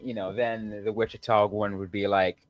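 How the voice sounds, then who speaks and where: A man's voice: on the low side, flat delivery, moderate pace, lo-fi sound. A man hosting a sports podcast in a loose, casual way, with lots of fillers and sentences that trail off. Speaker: podcast host.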